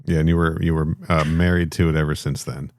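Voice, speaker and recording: Deep-voiced man in a podcast chat. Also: little pitch movement, a little fast, no echo. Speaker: podcast co-host. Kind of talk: casual chat.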